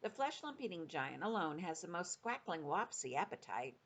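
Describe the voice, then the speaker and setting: A woman's voice: lowish voice, very animated, normal speed. A woman voicing a kindly big friendly male giant who talks in mangled grammar with made-up words.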